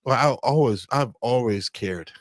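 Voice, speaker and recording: A man in relaxed conversation with his spouse on a podcast, even-tempered and matter-of-fact. His voice sits at an ordinary middle pitch. The sound is close and dry, with no room around it. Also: normal speed, no room sound. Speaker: podcast co-host.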